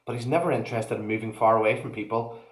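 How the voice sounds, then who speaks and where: Nervous young girl voiced by a man, slightly raised pitch, hesitant, storybook, echoey room. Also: fairly even intonation, fast, close to an everyday voice. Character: sharp-minded young girl, nervous and guilty.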